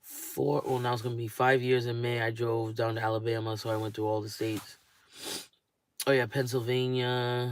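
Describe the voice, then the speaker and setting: A man's voice: medium pitch, level tone, normal speed, clear, resonant tone. A young adult man chatting casually to camera, rambling and thinking aloud as he lists things. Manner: rambling, thinking aloud while listing places. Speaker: vlogger. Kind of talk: casual vlog chat.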